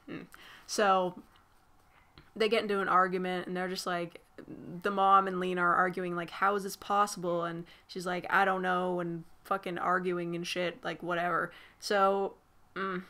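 Bright-voiced woman rambling through a recap. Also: mid-range voice. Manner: rambling, filler-heavy, swears freely. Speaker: movie recap vlogger. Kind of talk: casual spoiler recap.

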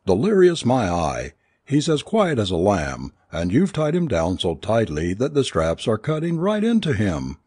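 A man's voice: fairly low pitch, wildly swooping pitch, normal speed, few pauses, a little mellow, breathy edge, no echo, clean studio sound, exaggerated voice. A man voicing a brusque country doctor who speaks with sarcastic politeness in a storybook reading. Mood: indignant. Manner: sarcastic, then indignant.

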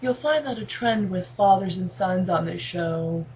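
A woman from the cast dropping dry, deadpan quips in a casual chat. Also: lowish voice, measured pace, slight background noise. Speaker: podcast cast member. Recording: dull lo-fi recording.

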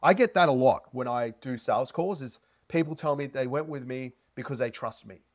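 Talking to camera with a mid-range, brisk voice, a man offers casual sales advice, full of energy, animation and heavy inflection.

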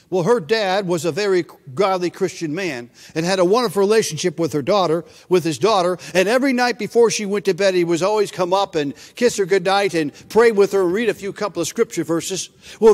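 A male preacher giving a sermon, emphatic and repeating his scripture references, in a church sanctuary. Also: sits high. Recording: long church reverb.

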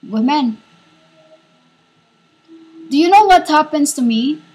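Woman, high voice, slow delivery, fervent prophetic declaration, halting, repetitive. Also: expressive, a little mellow. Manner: halting, repetitive, speaks as a divine voice. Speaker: self-styled prophet.

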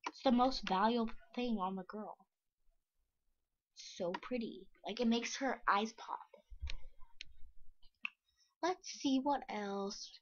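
A young woman giving casual, sarcastic commentary over a screen recording, giggly and excitable, sometimes dropping to a whisper. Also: a little high, slow, pauses often, a little hiss or hum. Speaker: vlogger. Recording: dull lo-fi mic with mouse clicks.

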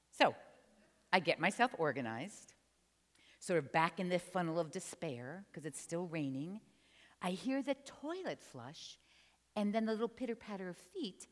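An older woman from New Jersey telling a funny story on stage, chatty and teasing her audience. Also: medium pitch. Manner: animated, chatty, teases the audience. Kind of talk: humorous live storytelling. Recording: long hall reverb.

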